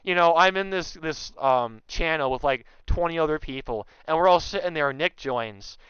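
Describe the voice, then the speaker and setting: A young man telling a story in casual chat, animated and loudly acting out what others said. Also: on the high side, moderate pace, clean tone, dry recording, lo-fi sound. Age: young adult. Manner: animated, acts out quotes loudly. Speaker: guest.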